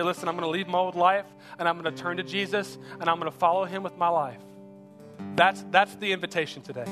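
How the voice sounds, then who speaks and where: A pastor delivers a sermon to his church, his voice sitting high for a man. He speaks earnestly and presses his listeners with repeated questions. Gentle guitar music plays faintly underneath.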